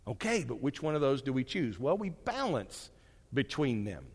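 A man teaching a Bible class in a casual, conversational way. He is animated and digressive, with frequent asides and restarts. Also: medium pitch, moderate pace, slightly rough, big-room sound.

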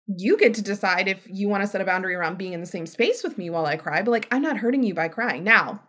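A woman's voice: mid-range voice, fast, a bit bright. A woman in her thirties hosting a podcast, talking casually and animatedly and often checking in with "right?". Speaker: podcast host. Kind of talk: casual solo podcast talk.

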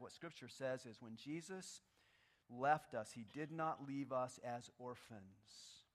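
A man preaching a sermon in a church, animated and emphatic, dropping to quiet low lines and trading answers with the congregation. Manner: talks with the congregation, takes answers from the room. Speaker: pastor.

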